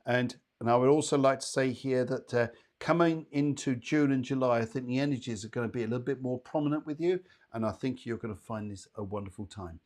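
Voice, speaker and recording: A man's voice: mid-range voice, brisk, few pauses, darkish tone. A man hosting a live psychic show, giving readings in a chatty, rambling way with playful asides.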